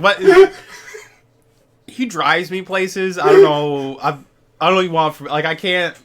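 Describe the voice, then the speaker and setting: A man co-hosting a podcast in casual chat, with loud, excitable banter full of swearing. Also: a little high, a little slow, pauses often. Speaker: podcast co-host.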